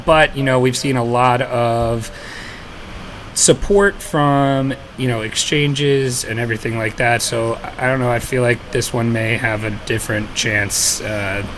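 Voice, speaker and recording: A man's voice: mid-range voice, steady tone, a little slow, fairly bright tone, slight background noise. A man hosting a casual podcast, easygoing and chuckling between remarks. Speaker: podcast host.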